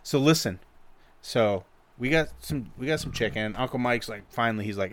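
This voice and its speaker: Animated, foul-mouthed storytelling man. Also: moderate pace, a little hiss or hum. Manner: animated, profane storyteller who mimics others in high voices. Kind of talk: casual storytelling chat.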